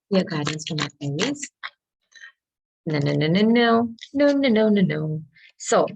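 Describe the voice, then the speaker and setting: A woman tarot reader with a lowish voice talks through a reading on a rough recording, repeating herself and adding hedging asides. She's losing her voice and keeps clearing her throat.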